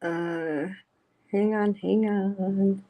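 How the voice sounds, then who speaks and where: A woman chatting slowly and unhurriedly on a home livestream. She reads chat messages aloud, talks bluntly and swears freely. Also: medium pitch, steady tone, narrow, tinny audio. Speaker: livestream host. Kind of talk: casual live-stream chat.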